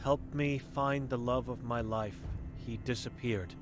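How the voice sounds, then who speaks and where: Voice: medium pitch, unhurried, music in the background, natural voice. An actor voicing a blind, mute old woman who is bitter and grim and speaks in terse, broken sentences in a video game.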